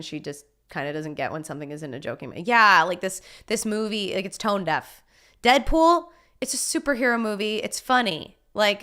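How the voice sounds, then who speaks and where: A woman's voice: mid-range voice, pushed and bright. A woman streaming a casual reaction, blunt and exasperated, swearing and laughing between points. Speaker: streamer reacting to a news video.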